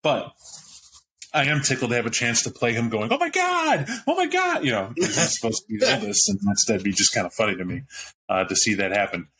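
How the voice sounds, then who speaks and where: A man's voice: on the low side, fairly even intonation, quick pace, bright, forceful tone. A man on a podcast panel, talking animatedly about a tabletop game with frequent restarts and asides. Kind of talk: casual roundtable chat about a tabletop game.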